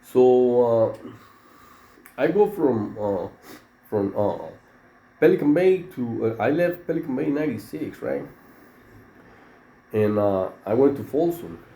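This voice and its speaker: Gravelly middle-aged man. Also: medium pitch, big pitch swings, a little slow, long pauses, mellow. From Mexico. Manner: rambling, full of slang and "you know, man" fillers. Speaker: former prison inmate. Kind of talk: casual storytelling. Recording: roomy echo with faint background noise.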